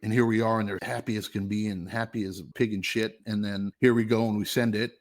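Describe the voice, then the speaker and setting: Middle-aged male podcast host, deep voice, animated storyteller who swears casually. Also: fast. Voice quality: animated storyteller, curses freely.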